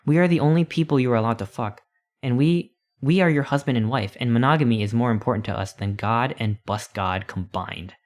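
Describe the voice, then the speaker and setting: A man's voice: mid-range voice, fairly quick, lightly acted. A man voicing a doting husband and wife who speak in unison, read from a text adventure. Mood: earnest pleading.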